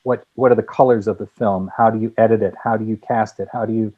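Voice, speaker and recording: A man who is a guest screenwriter and director, telling lively anecdotes with many restarts in a casual interview. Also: on the low side, fast, phone-quality sound.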